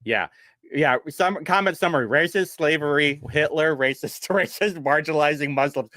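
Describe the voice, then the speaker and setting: A man's voice: on the high side, moderate pace, sharp tone, no echo, studio quality. A young man hosting a casual live stream, rambling and mocking with frequent laughs. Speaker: streamer host.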